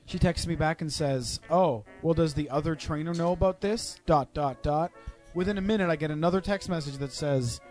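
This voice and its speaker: A man's voice: a little high, normal speed, hardly any pauses, darkish tone, soft background music. A young man hosting a casual chat among friends, profane and teasing, telling a story and putting on voices. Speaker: podcast host.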